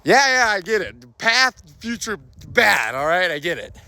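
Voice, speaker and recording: A man's voice: high-pitched, very animated, measured pace, bright, forceful tone, full character voice. A young man in a homemade student skit, playing an impatient adult male hunter who brushes off warnings. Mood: dismissive.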